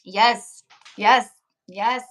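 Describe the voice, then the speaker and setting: A woman tarot reader chatting live to her viewers in a relaxed, rambling way. Her voice is getting rough and hoarse as she goes. She keeps breaking off to greet and thank people from the chat. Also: a little high, extremely slow. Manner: chatty, reads out chat names, frequent "like" and laughs. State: voice going hoarse. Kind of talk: casual live-stream chat.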